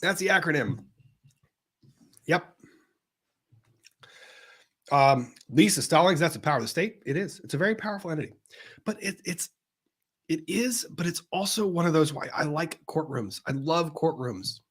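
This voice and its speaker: A man's voice: on the high side, lively intonation, a little slow, long pauses, breathy edge. A man who is an attorney hosting a livestream, reading viewer comments aloud and answering them frankly in a conversational way. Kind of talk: live-stream commentary reading viewer chat.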